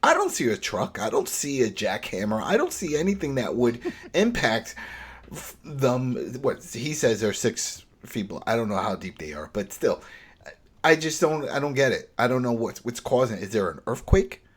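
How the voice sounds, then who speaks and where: A man co-hosting a podcast, retelling an episode in a loose, rambling, animated way. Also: mid-range voice, normal speed, slightly rough. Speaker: podcast co-host. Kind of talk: casual recap discussion.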